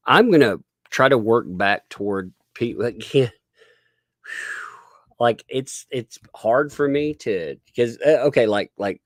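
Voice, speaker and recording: A man's voice: medium pitch, animated, slow, no echo, clean studio sound. A man hosting a casual livestream, rambling and laughing as he thanks viewers and reads chat. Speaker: livestream host.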